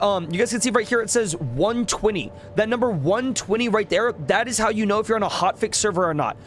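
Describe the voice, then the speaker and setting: Young man, game streamer, high-pitched voice, slangy and profane, faint low rumble behind. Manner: rambling, slangy, swears often, laughs a lot. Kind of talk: casual live-stream chat with viewers.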